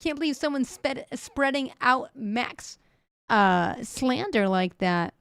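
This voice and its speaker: A woman's voice: sits high, expressive, takes it slowly, fairly bright tone, clean tone, no echo, clean studio sound. A young woman streaming, chatting casually and jokily while reacting to news clips and talking to her chat. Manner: chatty, jokey, laughs often, talks to chat.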